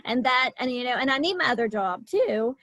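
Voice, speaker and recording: A woman's voice: sits high, expressive, fairly quick, a bit bright, no echo, rough recording. Hesitant woman on a dry video call. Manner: hesitant, full of fillers. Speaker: team member. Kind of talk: casual personal story.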